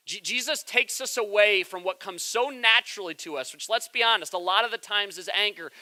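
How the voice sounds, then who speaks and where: Bright-voiced man preaching a sermon. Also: high voice, no room sound, poor audio. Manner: repeats words when building up, acts out crowd voices loudly. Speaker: pastor. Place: church.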